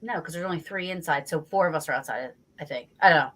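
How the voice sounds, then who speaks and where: A woman from New Jersey, a guest on a talk show, telling a story in a lively, casual way, acting out her own reactions and swearing freely. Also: low-pitched, fast talker. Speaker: guest investigator.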